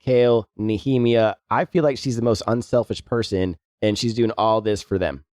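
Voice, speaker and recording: A man's voice: fairly low pitch, moderate pace, a little mellow, no echo, clean studio sound. A man co-hosting a book podcast, casually and playfully retelling the story with jokes and some swearing. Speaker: podcast co-host.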